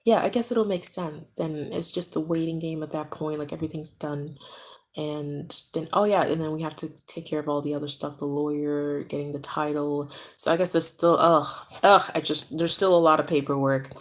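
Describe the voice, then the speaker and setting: A tired woman vlogging from home, chatting to the camera in a hushed, low voice so she does not wake a sleeping baby. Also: steady tone, moderate pace, rough recording. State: tired from being awake too long. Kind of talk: casual chat to camera. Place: home, indoors. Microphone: camera close up.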